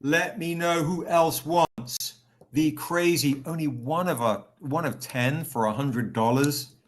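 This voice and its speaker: A man's voice: fairly high pitch, slow. Upbeat man hosting a live sales stream. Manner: upbeat, chatty, calls out viewers by name. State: recovering, tired. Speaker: live stream host selling comics.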